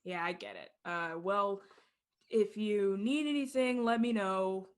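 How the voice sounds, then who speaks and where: A woman's voice: mid-range voice, a little slow, lightly acted. A woman voicing a friendly but nosy male human guard who hesitates and trails off. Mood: awkward.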